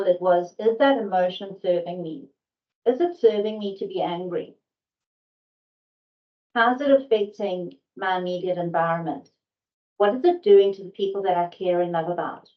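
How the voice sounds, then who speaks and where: Earnest woman giving a sales training talk. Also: mid-range voice. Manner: earnest and candid, with rhetorical questions. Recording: dull lo-fi recording.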